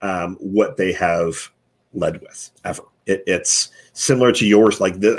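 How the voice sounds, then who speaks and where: A man's voice: lowish voice, animated, measured pace, slightly rough. A man hosting a live online chat, giving earnest coaching advice laid out as numbered recommendations. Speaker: host and marketing consultant.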